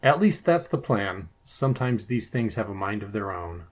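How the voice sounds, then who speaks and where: A man co-hosting a podcast, telling a ghost story in a measured storytelling delivery. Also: on the low side, big pitch swings, over loud music. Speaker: podcast co-host.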